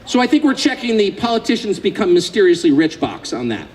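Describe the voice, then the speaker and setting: Lively sardonic American man speaking. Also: high-pitched, quick pace, poor audio. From United States. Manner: sardonic, joking, increasingly impassioned. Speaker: invited speaker. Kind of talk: public speech to a live audience.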